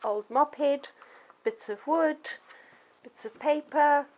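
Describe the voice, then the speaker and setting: A woman's voice: sits high, slow, darkish tone, highs cut off. Patient woman teaching puppy care. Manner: clear, patient explaining, acts out yelps and children's voices. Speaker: dog trainer. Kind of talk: instructional talk to children and parents.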